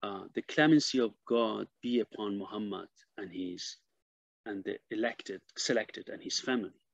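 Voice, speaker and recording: A man who studies historic arms, giving an explanatory video lecture, pausing often and correcting himself as he translates inscriptions. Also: fairly low pitch, creaky, no echo. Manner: halting, self-correcting, translating as he goes.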